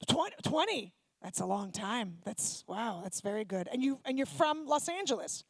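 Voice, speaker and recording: A woman's voice: fairly high pitch, very animated, normal speed, no room sound. A woman doing stand-up comedy with crowd work, sarcastic, brash and profane. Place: synagogue comedy night stage.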